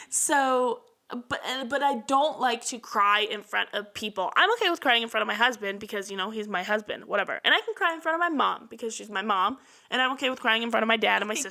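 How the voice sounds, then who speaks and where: A woman's voice: high voice, bright, forceful tone. A young woman in her twenties hosting a personal podcast, talking candidly and emotionally in a chatty way with lots of fillers. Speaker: podcast host. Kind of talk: casual personal podcast monologue.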